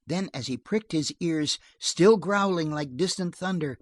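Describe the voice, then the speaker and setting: An audiobook narrator reading a western novel aloud in an expressive storytelling manner. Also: medium pitch, unhurried, hardly any pauses, no echo.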